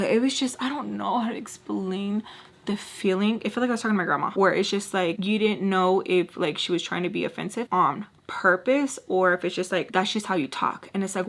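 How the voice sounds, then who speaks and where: A young adult woman telling a casual storytime rant as a makeup vlogger. She fills her talk with "like" and acts out other people's lines in quick, high voices. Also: fairly bright tone. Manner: heavy use of "like" fillers.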